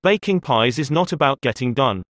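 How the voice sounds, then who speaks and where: A man voicing a gentle, patient aunt who teaches a girl to bake pies, speaking in a soothing way. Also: medium pitch, animated, moderate pace, no echo, studio quality, natural voice.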